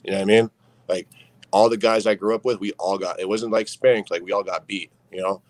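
Young guy w a real deep voice, rattling off his story fast on a podcast, earnest, lots of "you know what i mean". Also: fairly even intonation, no echo, poor audio. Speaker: podcast guest. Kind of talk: candid storytelling interview.

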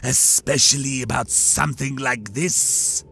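A man's voice: medium pitch, steady tone, creaky, sharp tone, breathy edge, exaggerated voice. A man voicing a greedy, snarling male reptilian bounty hunter in an audiobook, drawling and leering. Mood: conspiratorial. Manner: drawling, leering, slow and gloating. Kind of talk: audiobook character voice.

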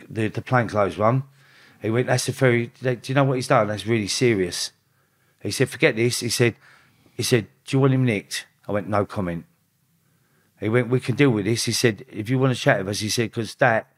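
Guest, male, low-pitched, casual and profane, voices others' lines. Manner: swearing, quotes others in rapid back-and-forth; animated, rising in pitch when quoting. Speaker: podcast guest. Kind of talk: casual storytelling.

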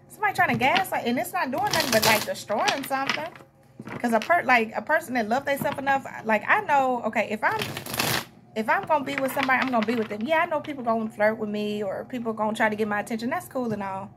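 A young woman with a Southern US drawl talks through a tarot reading, rambling and chatty, breaking off for quick laughs and asides to her viewers. Her voice sits a touch higher than most, and a faint hiss of noise runs under the recording. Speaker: tarot reader. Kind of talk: casual tarot reading monologue.

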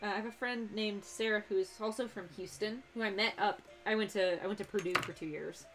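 A woman's voice: medium pitch, fairly quick. A young woman with a faint Texan accent chatting casually on a live stream while she sews, rambling and breaking off mid-sentence. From Texas. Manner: chatty, rambling, self-interrupting with laughs. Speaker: cosplay streamer.

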